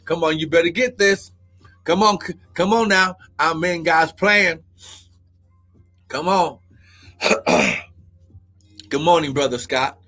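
A man preaching a charismatic prophetic sermon, breaking into shouted exclamations and repeated phrases. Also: high-pitched, slightly rough, soft background music. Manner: shouting exclamations and drawn-out repetitions. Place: church service, live.

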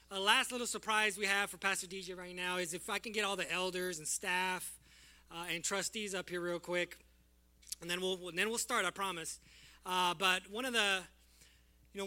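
Bright-voiced man giving a tearful church tribute. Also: high voice. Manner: heartfelt, tearful, halting with fillers. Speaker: church leader presenting an award. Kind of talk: emotional church tribute speech. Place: church sanctuary.

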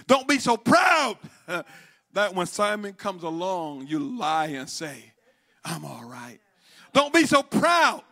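A man preaching a Pentecostal sermon, swinging from shouted exhortation to hushed, halting storytelling. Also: sits high.

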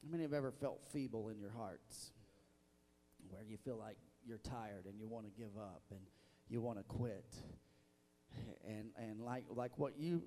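A man's voice: mid-range voice, dark tone. A man preaching a sermon as pastor in a church, emotional and stammering with many restarts. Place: church sanctuary. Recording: long reverb of a church hall.

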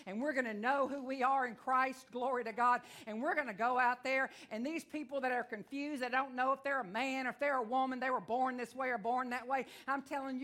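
A middle-aged woman with a Texan accent preaching a sermon in a folksy, animated way, with frequent amens and asides. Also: high-pitched.

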